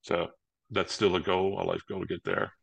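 Male guest author, very low gravelly voice, dry close sound, halting speech. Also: sing-song, no echo, muffled recording. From Maryland, United States. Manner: hesitant, many "uh" fillers and restarts. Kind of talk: casual interview answers.

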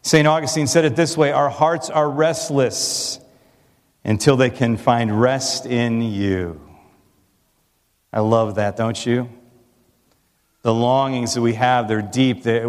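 A man's voice: mid-range voice, big-room sound. A man preaching a sermon in an earnest, emphatic way, asking his listeners rhetorical questions. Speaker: pastor.

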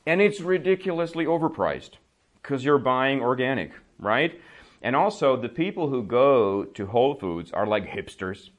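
A man's voice: mid-range voice, big pitch swings, normal speed. A man giving a casual English lesson, telling a story and often checking that listeners follow with "right?", laughing between remarks. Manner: chatty, checks understanding with frequent "right?". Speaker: English teacher.

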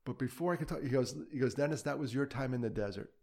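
Gravelly middle-aged man, candid advocate. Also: medium pitch, fast talker, a little mellow. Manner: candid, self-deprecating, laughs often. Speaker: mental health advocate and speaker. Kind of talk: casual interview conversation.

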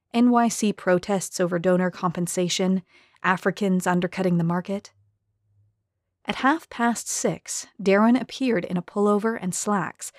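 A woman narrating a first-person story in a measured, even storytelling manner. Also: mid-range voice, no room sound, studio quality. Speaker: audiobook narrator.

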